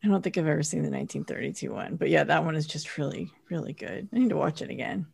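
Chatty woman with a gravelly edge. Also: low voice, fast. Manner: relaxed, chatty, with filler words. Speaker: podcast co-host recapping a TV episode. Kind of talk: casual chat.

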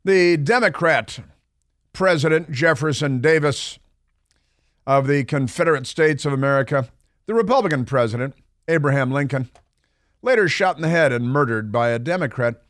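A man's voice: on the high side, lively intonation, normal speed, a bit bright, no room sound. A man hosting a talk radio show, delivering a sarcastic, mocking opinion monologue into a studio microphone.

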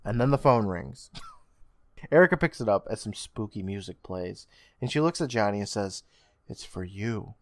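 A man co-hosting a podcast, casually retelling an episode's plot with swearing and quick acted-out lines. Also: fairly low pitch, expressive. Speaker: podcast co-host recapping an episode. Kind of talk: casual recap chat.

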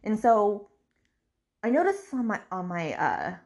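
A woman's voice: medium pitch, sing-song, measured pace, darkish tone. A woman hosting a podcast, retelling a novel in a casual, chatty way that rambles, with frequent fillers and restarts. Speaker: podcast host. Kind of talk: casual book recap.

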